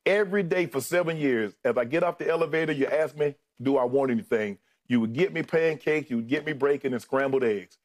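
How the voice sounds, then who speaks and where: A man's voice: mid-range voice, fairly quick, hardly any pauses. Emotional middle-aged man fighting back tears. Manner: heartfelt, thanking colleagues one by one. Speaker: co-host saying farewell. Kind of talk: emotional on-air farewell speech.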